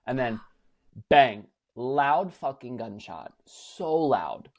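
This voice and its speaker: A man's voice: mid-range voice, takes it slowly, a little hiss or hum. Gushing young man recapping a show. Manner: animated, gushing storyteller who swears casually. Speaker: podcast co-host. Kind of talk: casual chat.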